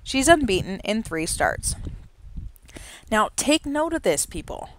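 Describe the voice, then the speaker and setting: A woman calling simulated horse races from home, excited during the race and chatty and rambling between races. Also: mid-range voice, measured pace, a little hiss or hum. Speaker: race caller and host of a horse racing simulation show. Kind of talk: horse race commentary and casual chat. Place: home, with a dog nearby.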